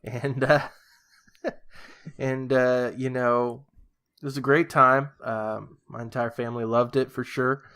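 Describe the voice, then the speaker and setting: A man co-hosting a comedy podcast in a flat, deadpan way, telling absurd tales with a steady stream of ums and uhs. His voice sits at an ordinary middle pitch. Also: takes it slowly, smooth. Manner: deadpan, rambling, many fillers. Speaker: podcast co-host. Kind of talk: casual comedic chat. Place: lives in Brazil.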